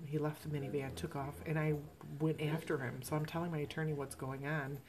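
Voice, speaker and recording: A middle-aged woman hosting a podcast, telling a personal story in an emotional, halting way with many restarts. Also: sits low, little pitch movement, a crowd in the background. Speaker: podcast host.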